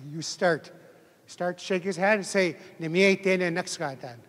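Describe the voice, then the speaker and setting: A man's voice: high-pitched, a little slow, a bit bright. A man teaching a language class who leads a group through a spoken drill, chuckles often and keeps urging them to speak up. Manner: encouraging, chuckling, calls for more volume. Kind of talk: leading a group drill of a greeting. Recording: long hall reverb.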